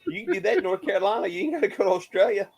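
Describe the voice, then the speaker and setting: Blunt high-voiced man ribbing friends. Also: very animated, racing, gravelly, a little mellow, slightly rough. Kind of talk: casual group video chat.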